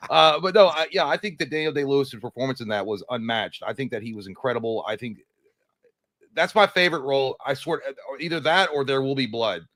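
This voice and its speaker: A man co-hosting a casual livestream, firing off blunt, profane banter at a fast clip. His voice sits in a middle range and is recorded dry, with no room echo. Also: mid-range voice, animated, a bit bright. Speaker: livestream co-host. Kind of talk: casual chat. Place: at home.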